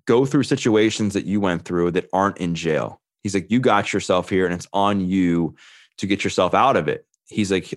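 Guy in his 30s on a podcast, lowish voice, dry close mic, earnest and candid, acts out the people he quotes. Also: moderate pace, no echo. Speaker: podcast guest. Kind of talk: candid storytelling.

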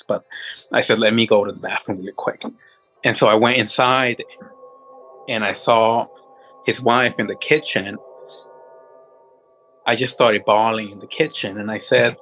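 Guy telling his ghost story, shaky and stop-start, normal pitch, faint music behind. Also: steady tone, fairly bright tone, low-quality recording. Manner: halting, with many restarts, audibly moved. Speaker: guest telling a supernatural experience. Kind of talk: emotional first-person storytelling.

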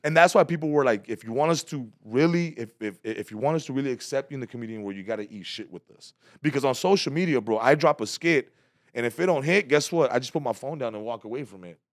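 A man's voice: medium pitch, lively intonation, quick pace, no room sound, studio quality. A man in his thirties, a stand-up comedian, telling a story in casual, profane chat and acting out other people's voices.

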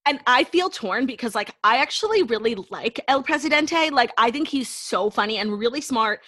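Young female co-host, high-ish voice, outspoken, casual swearing, dry recording. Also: lively intonation, moderate pace, bright, forceful tone, no echo. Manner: opinionated, blunt, swears casually. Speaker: podcast co-host. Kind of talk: casual chat.

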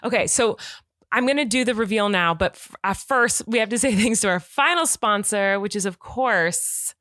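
A woman in her thirties co-hosting a podcast, telling a family story in lively casual chat and acting out the quotes. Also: mid-range voice, moderate pace, no room sound, clean studio sound. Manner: animated storytelling, acts out quotes. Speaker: podcast co-host.

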